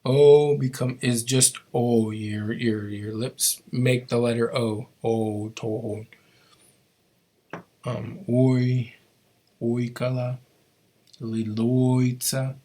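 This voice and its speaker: A man's voice: medium pitch, darkish tone. Man, language teacher, patient, step-by-step explanations, frequent ums. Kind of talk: online language class.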